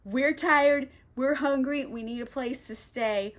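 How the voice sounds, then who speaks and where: A woman's voice: high voice, measured pace. A woman voicing a young woman disguised as a man, talking casually in a comedic book recap. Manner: casual, asking.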